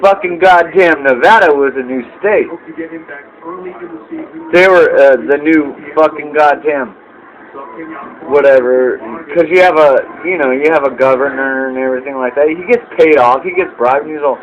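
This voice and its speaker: A man's voice: moderate pace, dull audio. A man telling a history story in a rambling, profane, slangy way, calling everyone dude and acting out quoted voices. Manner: acts out quoted voices, sometimes squeaky. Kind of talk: rambling drunk history retelling.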